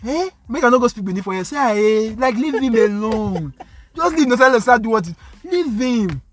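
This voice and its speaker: A man's voice: very high voice, fast, faint music behind. A man with a Nigerian accent, co-hosting a podcast in casual, slangy chat that slips into pidgin. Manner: animated, slangy, mixes in pidgin. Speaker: podcast co-host.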